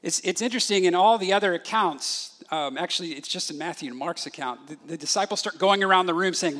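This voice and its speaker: High-voiced animated male pastor. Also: fast talker, hardly any pauses. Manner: animated, acts out the disciples' questions. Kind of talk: expository sermon.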